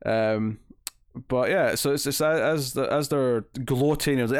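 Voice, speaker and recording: A man's voice: medium pitch, measured pace, clean tone. A man chatting casually about comic books, his voice sitting in a middle range. He rambles through fillers and restarts and slips into acted-out quotes as he goes. The sound is dry and close, with no room echo. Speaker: podcast co-host. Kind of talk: casual comic book discussion.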